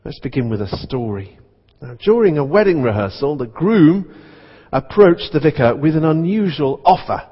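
A man's voice: a little high, animated, moderate pace, breathy edge. A man serving as vicar, preaching a sermon in a conversational storytelling manner. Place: church. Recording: dull recording in echoey church.

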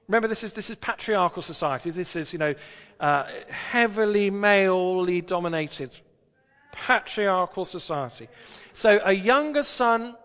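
A man's voice: high-pitched, a bit bright, big-room sound. A British man preaching a sermon in a church, talking in a conversational, emphatic way with rhetorical questions.

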